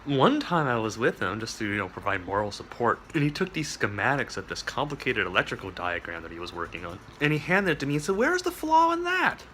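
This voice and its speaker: A man with a bright, forceful voice rambles through a digressive monologue, stacking asides and little chuckles. His pitch sits low but swings widely as he goes. A faint ambient hiss sits under him. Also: big pitch swings, fast talker, hardly any pauses. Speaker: vlogger.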